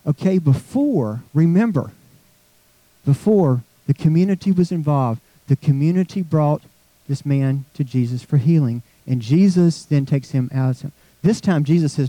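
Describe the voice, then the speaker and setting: A man's voice: fairly high pitch, expressive, unhurried, dark tone, no room sound, rough recording. A man preaching a conversational sermon, asking the congregation questions as he goes. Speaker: pastor.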